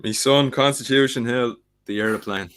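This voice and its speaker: A man's voice: medium pitch, moderate pace, fairly bright tone, clean tone. A man, a podcast co-host, talking up a favourite horse with earnest enthusiasm. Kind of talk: casual betting chat.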